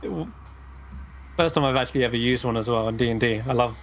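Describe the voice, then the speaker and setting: Soft music runs quietly underneath as a man narrates a tabletop session as dungeon master, talking at a quick pace in a middling pitch. He's laid-back and rambles a bit, using fillers.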